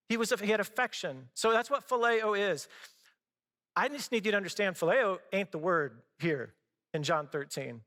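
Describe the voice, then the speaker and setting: A man's voice: high-pitched, moderate pace, sharp tone. A middle-aged man, a pastor, preaching a sermon in a conversational way with personal stories. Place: church sanctuary. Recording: long hall reverb.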